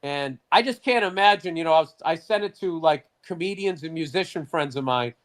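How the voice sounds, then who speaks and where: A man's voice: a little high, a little fast. A middle-aged man co-hosting a podcast, telling stories in casual, profane sports chat. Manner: profane, animated storyteller. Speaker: podcast co-host.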